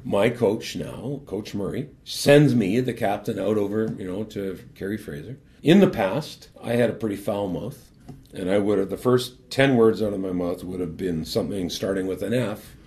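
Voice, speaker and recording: An older man, a former hockey captain, telling his personal faith story as a guest in an earnest, animated way and then leading a prayer. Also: lowish voice, moderate pace.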